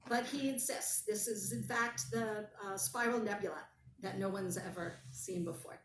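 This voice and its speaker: An animated woman tells a story in relaxed conversation, with dry, wry asides. Her voice sits at a middle pitch. She sounds some way from the mic, in a roomy space with a faint hum of ambience behind her. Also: moderate pace, recorded from a distance. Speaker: guest.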